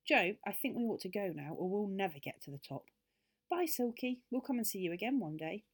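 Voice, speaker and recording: A woman voicing a cautious, excitable young girl in a children's story. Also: medium pitch, brisk. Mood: eager, fretful.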